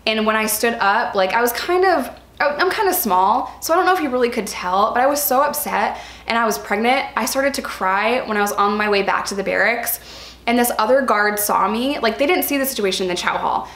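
An earnest young woman tells her own story in a candid vlog, stressing points by repeating words. Her voice sits a little high. The room around her echoes noticeably. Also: expressive, a little fast, a bit bright. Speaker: vlogger sharing personal experience. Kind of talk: candid personal vlog talk.

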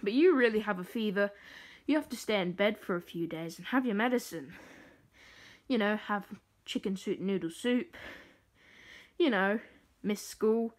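A woman's voice: medium pitch, expressive, moderate pace, pauses often, natural voice. A woman voicing a blunt, bossy male doctor giving orders in an offhand way.

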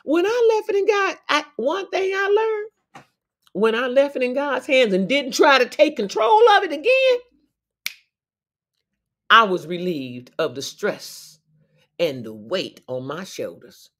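A woman hosting a livestream, talking casually and preachily, sassy, laughing often between phrases and swinging from soft reflection to loud outbursts. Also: high voice, big pitch swings, measured pace. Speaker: livestream host. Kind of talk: casual inspirational talk.

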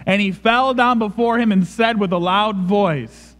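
A man's voice: high-pitched, unhurried, hardly any pauses, a bit bright, long reverb tail. A man preaching a sermon in a church, emphatic and dramatic. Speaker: pastor. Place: church sanctuary.

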